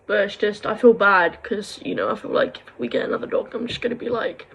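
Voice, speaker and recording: Young woman vlogger, husky and gravelly, rambling and raw. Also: medium pitch, normal speed, fairly bright tone, poor audio. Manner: rambling, heartfelt, swings into angry ranting. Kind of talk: emotional confessional vlog.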